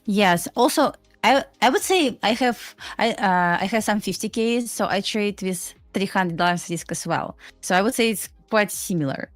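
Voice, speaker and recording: A woman's voice: medium pitch, no echo, soft background music. A woman from Belarus speaks with a Russian accent, chatting casually as a trading co-host on a live stream. Her voice sits in a middle range and comes across dry and close, with no room sound. She often breaks off and restarts as she searches for words. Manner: halting, restarts sentences. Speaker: trader co-host.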